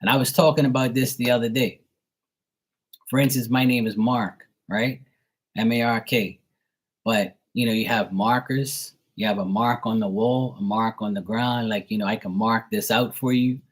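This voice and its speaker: A man's voice: medium pitch, fairly even intonation, normal speed. A man who reads tarot on a live stream, rambling in casual chat, swearing freely, laughing and mimicking how other people talk. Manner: loose and profane, laughs often, mimics other people's voices.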